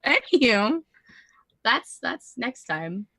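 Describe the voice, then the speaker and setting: A woman chats and teases her fellow players at a tabletop game, giggling often. Her voice is bright and a little high. It sounds dry and close to the mic. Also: big pitch swings, slow pace, no echo. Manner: giggly, teasing. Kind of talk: tabletop role-play chat.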